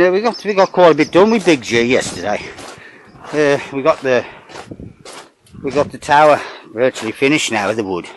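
A man's voice: mid-range voice, a little hiss or hum, poor audio. An older man giving a rambling, casual commentary outdoors in his garden, swearing in nearly every sentence. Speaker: vlogger narrating home renovation.

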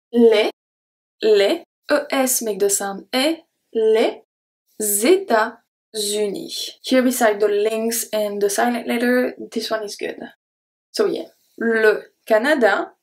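A woman teaching pronunciation, saying each word slowly and repeating it before she explains its sounds. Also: on the high side, darkish tone. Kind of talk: slow word-by-word pronunciation lesson.

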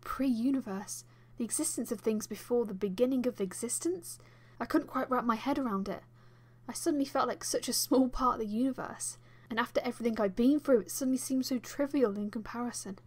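A woman's voice: a little high, fairly quick, husky. Woman narrating a first-person story. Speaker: audiobook narrator.

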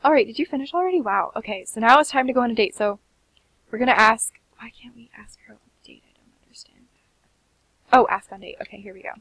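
A young woman giving sleepy, chatty commentary on a life-sim game, often slipping into soft half-whispers. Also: a little high, fast, dry recording, rough recording. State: sleepy, keeps yawning. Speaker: gaming channel host. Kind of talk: casual gameplay commentary.

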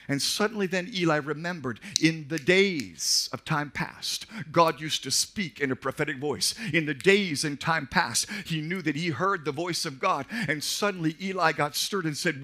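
An older man, preaching a sermon as a pastor, moving from quiet storytelling to shouted calls for the congregation to answer. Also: sits high, normal speed.

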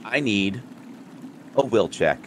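Low-voiced man narrating as game master. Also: lively intonation, background noise. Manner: slow, measured scene descriptions.

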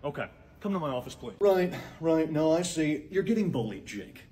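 A man playing a sleazy, scheming male school counselor in a comedy sketch, talking low and smug. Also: very animated, moderate pace, dark tone.

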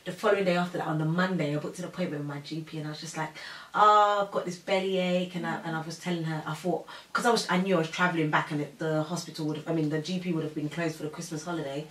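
A young woman telling a personal story in casual chat, animated and full of fillers, acting out what people said. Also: deep voice, rapid-fire, hardly any pauses. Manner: animated, chatty, full of fillers and acted-out quotes. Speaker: storyteller guest. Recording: roomy sound from a distant mic.

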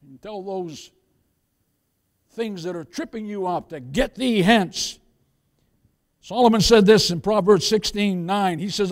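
Male pastor, high voice, emphatic preaching, speaks straight to his congregation. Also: animated, measured pace. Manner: preaching with rising emphatic calls, addresses the congregation as beloved. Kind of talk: sermon. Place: church.

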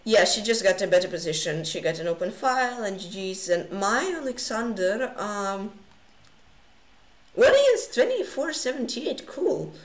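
An excitable woman chats through chess games on a live stream, often gasping and exclaiming. Her voice sits at an ordinary middle pitch and rings with a roomy echo. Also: normal speed. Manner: excitable, frequent gasps and exclamations. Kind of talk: casual livestream commentary.

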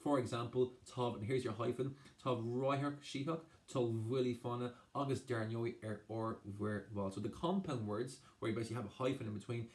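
A man's voice: medium pitch, brisk, hardly any pauses, a little mellow. Man explaining a poem, repeating himself. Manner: explains by translating each phrase, repeating himself. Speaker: Irish language tutor. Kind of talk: exam revision lesson.

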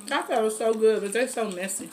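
A woman hosting a casual mukbang vlog at a home dinner table, chatty and laughing, with relaxed colloquial speech. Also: on the high side, fast, slight background noise. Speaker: vlog host.

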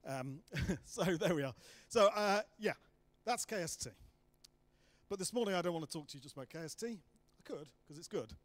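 A man preaching to a church congregation in a relaxed, joking way, full of quick asides. His voice sits a little high, and the sound is close and dry with no room echo. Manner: jokey and chatty, self-deprecating asides. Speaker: guest preacher. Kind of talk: church sermon. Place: church hall.

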